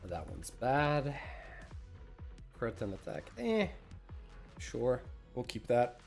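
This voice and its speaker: A man's voice: medium pitch, huge pitch swings, takes it slowly, vocal fry, darkish tone, soft background music. A man streaming a game, chatting casually, greeting viewers by name and snacking as he talks. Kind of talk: casual livestream chat.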